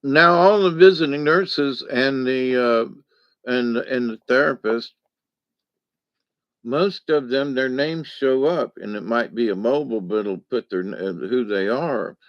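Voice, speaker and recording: A man's voice: medium pitch, measured pace, no room sound, muffled recording. A man talking in a casual, rambling monologue, folksy and digressive, with lots of fillers. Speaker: vlogger.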